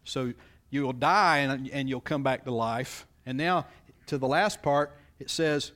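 A man's voice: medium pitch, normal speed, a bit bright. A man preaching, reading scripture aloud and explaining it, often turning to the listeners with questions. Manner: expository, reads scripture then explains it; asks the congregation rhetorical questions. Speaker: pastor. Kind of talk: sermon.

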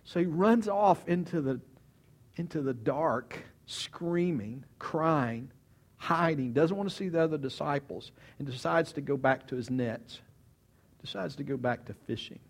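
A man preaching a sermon, retelling a story in an animated, dramatic way. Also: medium pitch, measured pace, vocal fry, slightly rough.

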